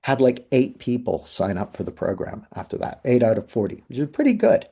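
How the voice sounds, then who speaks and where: A man's voice: medium pitch, sing-song, a little fast, gravelly, mellow, husky. A middle-aged man hosting a live masterclass over a video call, telling stories in a conversational way and acting out what people said. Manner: conversational storytelling, acting out quoted voices. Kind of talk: live webinar talk.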